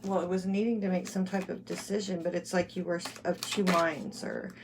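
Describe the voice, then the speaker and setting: A woman's voice: on the low side, steady tone, moderate pace. A woman giving a casual tarot reading, musing and thinking aloud as she lays out cards. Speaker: tarot reader. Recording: loud background noise.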